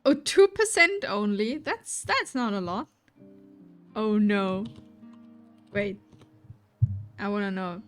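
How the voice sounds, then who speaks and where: A woman's voice: mid-range voice, animated, slow pace, long pauses. A woman with a German accent, chatting casually on her stream and reading chat aloud, giggly and full of restarts. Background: faint lofi music.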